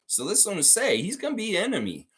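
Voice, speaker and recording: A man's voice: sits high, huge pitch swings, rapid-fire, a bit bright. A man hosting a live sports fan stream, ranting heatedly about coaches, swearing and laughing as he talks.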